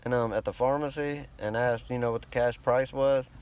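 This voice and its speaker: A man's voice: medium pitch, fairly even intonation, normal speed, a little mellow. A man with a rural American country accent and a laid-back drawl, talking in a rambling, profane, self-conscious vlog monologue. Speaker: vlogger.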